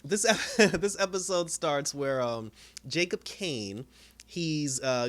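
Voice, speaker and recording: A man casually recapping a TV episode, chatty and laughing often, dropping into a lower voice to act out characters' lines. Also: fairly bright tone. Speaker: TV episode reviewer.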